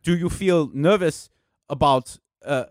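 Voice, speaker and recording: A man's voice: a little high, no room sound, studio quality, close to an everyday voice. A man voicing a polite German male executive who speaks hesitant English with a heavy German accent. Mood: curious. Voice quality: halting, hesitant with fillers.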